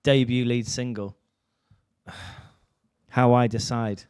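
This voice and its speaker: A man's voice: mid-range voice, little pitch movement, extremely slow, darkish tone, clean tone, no echo, clean studio sound. Sweary, joking man. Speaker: podcast co-host. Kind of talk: casual banter.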